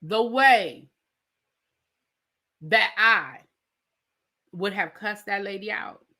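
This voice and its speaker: A woman reviewing a reality show in a casual, animated and sassy recap, talking straight to her viewers. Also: medium pitch, drawn-out words. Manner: animated, sassy, emphatic, addresses viewers directly.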